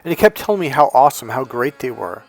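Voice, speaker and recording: A man coaching a course on dating, telling a story bluntly, swearing and shouting his punchlines. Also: mid-range voice, sing-song, fast, faint music behind. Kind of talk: animated storytelling lecture.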